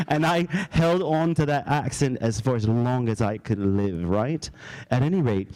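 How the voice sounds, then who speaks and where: A man giving a conference keynote, telling stories and laughing at his own anecdotes. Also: medium pitch. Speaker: keynote speaker. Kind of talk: storytelling keynote speech. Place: conference hall.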